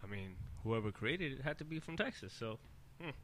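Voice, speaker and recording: A man in his forties with a thick New York accent, talking trash on a casual podcast. His voice has a bright, forceful edge, and he keeps needling his co-host and laughing at his own jabs. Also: medium pitch, sing-song, brisk, slight background noise. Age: 40s. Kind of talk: casual chat.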